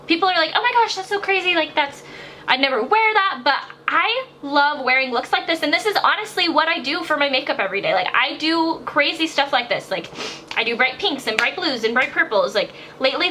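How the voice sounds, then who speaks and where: Her high-sitting voice sounds pushed and bright as this young beauty vlogger gives a chatty voiceover for a makeup tutorial at home, gushing and wandering off with many a "like." She's in her bathroom, where the fan adds a faint hiss.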